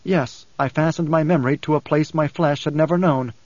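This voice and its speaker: A man voicing a calm, soft-spoken young man. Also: fairly quick, dry recording, lo-fi sound, close to an everyday voice. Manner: soft, low and conversational.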